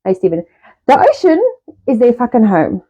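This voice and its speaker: A middle-aged woman hosting a casual live stream, talking fast in a rambling way and swearing often. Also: a little high, very animated, dark tone. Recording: dull lo-fi live-stream audio.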